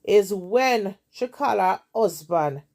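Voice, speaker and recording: Jamaican woman host with a gravelly voice, retelling gossip with emphatic, repetitive drama. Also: medium pitch, expressive, slow, a little mellow. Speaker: storytelling host. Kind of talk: retelling a story in casual chat.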